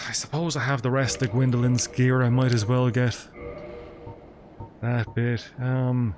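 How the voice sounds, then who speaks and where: A man's voice: medium pitch, level tone, measured pace. A man giving live gameplay commentary in a sardonic, profane, chatty way. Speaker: streamer. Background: game music.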